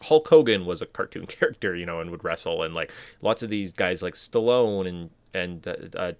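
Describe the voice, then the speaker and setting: A man's voice: deep voice, lively intonation, normal speed, smooth, no echo. A man co-hosting a casual podcast, rambling through filler words and mock quotes. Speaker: podcast co-host. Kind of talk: casual chat.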